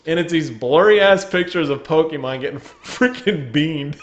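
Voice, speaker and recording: A man's voice: fairly high pitch, moderate pace, muffled recording, a little hiss or hum. A man chatting casually on a gaming podcast over a remote call, joking and laughing often. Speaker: podcast co-host.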